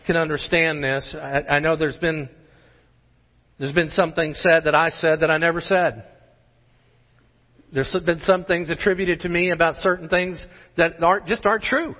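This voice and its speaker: A man's voice: on the high side, steady tone, normal speed, long pauses. A man preaching a sermon as pastor, emphatic and full of rhetorical questions. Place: church sanctuary. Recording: muffled sermon audio in a large hall.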